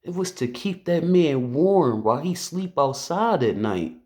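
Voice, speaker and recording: A police officer speaks to camera about something personal, his voice on the high side, expressive, mellow and unhurried. He's earnest and conversational, with loose phrasing and restarts.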